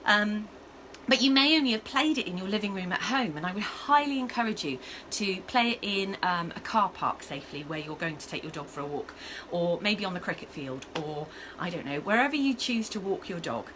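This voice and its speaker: A woman, a dog trainer giving a casual lesson to camera, chatty and animated, checking in often with "okay?" and "all right?". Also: mid-range voice, fairly quick, noisy background. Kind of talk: casual instructional talk to camera.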